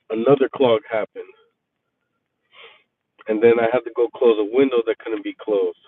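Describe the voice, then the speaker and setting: A man telling a casual, profane story about his workday, venting with animated energy. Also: fairly low pitch, moderate pace, pauses often, breathy edge, no room sound. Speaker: resort maintenance worker chatting with viewers. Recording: tinny phone-like, dry sound.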